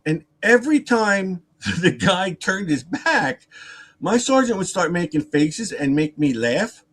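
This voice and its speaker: Man, slightly high, very lively pitch, casual rambling storyteller who acts out the other people in his story. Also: takes it slowly, husky. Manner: animated and rambling, with repeated words, asides and laughter. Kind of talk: casual storytelling on a live stream.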